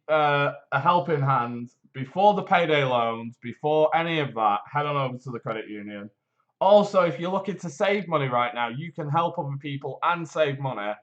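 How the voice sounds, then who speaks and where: A man hosts a casual live stream from home, mixing read promotion with rambling, self-deprecating jokes. His voice sits a little high for a man. The audio is dull and lo-fi. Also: fairly bright tone. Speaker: host of a local live show.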